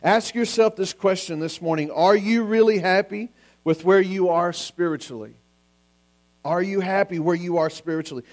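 A man with a notably high voice delivers a Sunday sermon. He speaks with earnest urgency, stacking question upon question and now and then stumbling and restarting a word. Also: moderate pace. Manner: earnest preaching with repeated questions, sometimes restarting words. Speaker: pastor.

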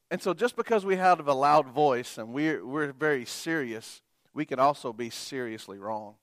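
A middle-aged man preaching a sermon and telling a personal story, swinging between quiet, soft telling and loud, emphatic preaching. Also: medium pitch, smooth, dry recording, studio quality.

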